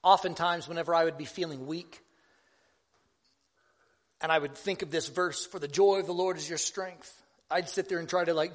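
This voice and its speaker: High-voiced man preaching a casual sermon. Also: a bit bright. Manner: conversational, self-deprecating, halting restarts.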